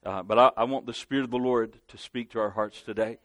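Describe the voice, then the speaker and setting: A man's voice: mid-range voice, steady tone, fast talker, a bit bright, no echo. Southern US male guest preacher, earnest, calls for amens, dry sound. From Southern United States. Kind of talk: sermon. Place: church sanctuary.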